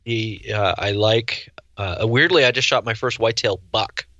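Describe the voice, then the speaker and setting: A middle-aged man with a low, bright-edged voice, telling stories in a dry, wry way. His sound is dull and slightly lo-fi, and the recording is dry with no room. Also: moderate pace, no echo. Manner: dry, wry storyteller who acts out voices. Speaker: guest chef and hunter. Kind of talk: casual interview chat.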